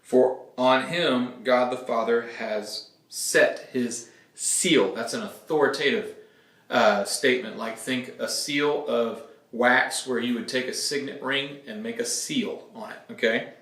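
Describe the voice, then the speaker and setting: Bright-voiced pastor teaching in an echoey room. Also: male voice, medium pitch, slow pace. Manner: casual, explanatory, checks in with "okay?". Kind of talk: conversational Bible teaching.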